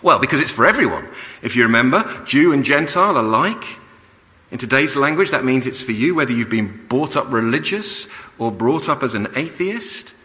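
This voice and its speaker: A man preaching a sermon, animated and rising in pitch when he quotes the apostle. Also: normal speed, in a large hall.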